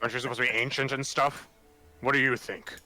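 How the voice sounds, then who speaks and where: A man voicing a curious, clueless husband who asks quick, offhand questions. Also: medium pitch, fairly even intonation, bright, forceful tone.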